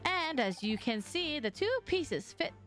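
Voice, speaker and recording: A woman's voice: high-pitched, very animated, unhurried, a bit bright, faint music behind, pitched above the performer's own voice, full character voice. A woman reading as a pompous courtly detective. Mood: accusing. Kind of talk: reading game dialogue aloud.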